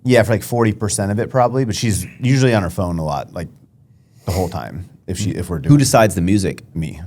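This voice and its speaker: A man's voice: low-pitched, expressive, quick pace. Man asking rambling questions in casual chat. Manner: rambling, trails off quietly. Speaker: podcast co-host.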